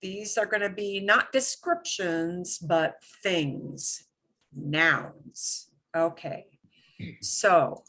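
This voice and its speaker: A woman teaching a beginners' Spanish class, explaining with emphatic, animated bursts. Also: extremely slow. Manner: animated, emphatic explaining with sudden high exclamations. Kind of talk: live classroom lesson.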